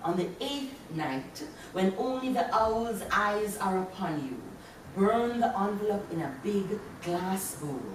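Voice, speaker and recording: A Jamaican woman reads her poems aloud, playful and quick to chuckle between lines. Her voice sits at an ordinary pitch for a woman. The recording is very echoey, picked up from across a lecture hall with a faint hum of room noise underneath. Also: lively intonation, recorded from a distance. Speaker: poet. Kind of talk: poetry reading to an audience.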